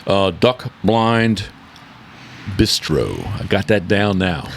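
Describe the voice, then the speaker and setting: Rambling, low-voiced man hosting a podcast. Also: very animated, slow pace, creaky, a little hiss or hum. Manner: rambling, corrects himself often. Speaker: podcast host and decoy carver. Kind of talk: casual podcast chat.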